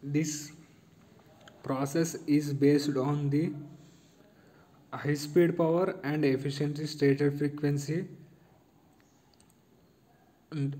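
A young man giving a halting technical presentation on a circuit design, pausing and restarting often. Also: fairly high pitch, dark tone, rough recording. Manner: halting, with many pauses and restarts.

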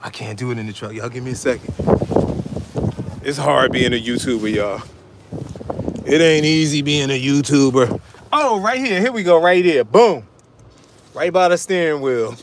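Chatty man vlogging over street noise. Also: fairly high pitch. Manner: chatty, keeps addressing viewers as y'all. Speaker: food vlogger. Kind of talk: casual vlog talk to viewers. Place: fish market, then outdoors by his pickup truck. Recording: loud background street and vehicle noise.

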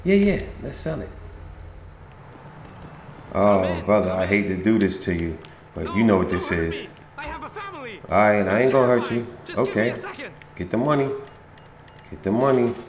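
A man's voice: on the low side, lively intonation, unhurried, long pauses, echoey room, a crowd in the background. A man giving casual, slangy commentary while playing a video game, chatting to the characters on screen. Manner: laid-back, slangy, talks to game characters.

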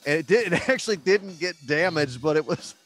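A man's voice: fairly high pitch, expressive, fairly quick, a bit bright, soft background music. A man in a casual podcast chat, laughing often and rambling through a story. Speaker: podcast participant.

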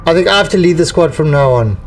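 A male game streamer giving excitable, joking live commentary while he plays and laughs often. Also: fairly high pitch, fast talker, recorded from a distance, soft background music.

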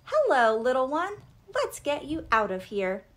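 A woman playing a spirited young storybook princess, eager and bright, with a lively, bouncing pitch. She sounds quick and enthusiastic. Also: exaggerated voice.

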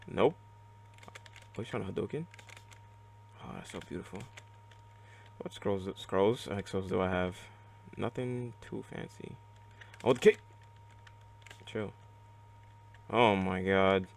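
A man with a low, gravelly voice narrating his own gameplay as it happens. He talks at an unhurried pace, yet his pitch swings widely as he reacts, mutters and swears at the game. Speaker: let's play gamer. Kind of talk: live gameplay commentary.

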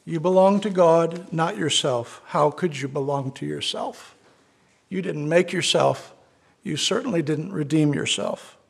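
Male pastor, earnest sermon, gravelly voice, slightly high pitch. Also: a little slow. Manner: earnest storytelling, quoting scripture. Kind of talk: sermon with read-aloud story.

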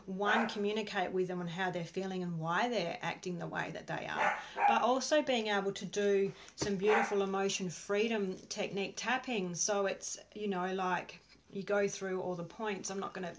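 A woman's voice: medium pitch, fairly even intonation, normal speed, background noise. Chatty woman presenting a workshop. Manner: chatty, rambling, many fillers. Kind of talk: casual live online workshop talk. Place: at home with her dog.

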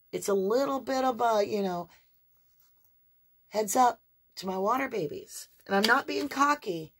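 A woman doing an animated, affectionate tarot reading for her viewers, with sing-song emphasis and a chatty, conversational flow. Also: a little high, unhurried, long pauses, a little hiss or hum. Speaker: tarot reader. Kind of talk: spiritual tarot reading to camera.

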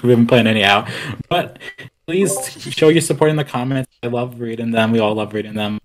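A man's voice: mid-range voice, brisk, low-quality recording. A young man hosting a casual podcast chat, rambling along with lots of "like" fillers. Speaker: podcast host.

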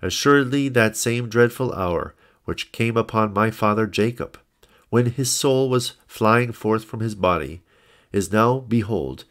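A man's voice: fairly low pitch, close to an everyday voice. A man reading the part of a dying righteous old man who laments his sins in solemn, archaic words. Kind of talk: scripted audiobook narration.

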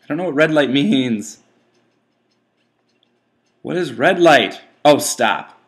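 Excitable young man playing a game. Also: fairly high pitch, slow. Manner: excitable, frustrated, talks to the game and viewers. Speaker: gaming channel host. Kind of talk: casual let's-play commentary.

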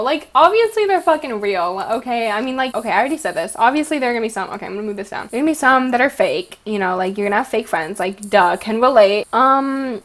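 Giggly high-voiced young woman vlogger. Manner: giggly, rambling and profane, with frequent laughs. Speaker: YouTuber. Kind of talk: casual vlog chat.

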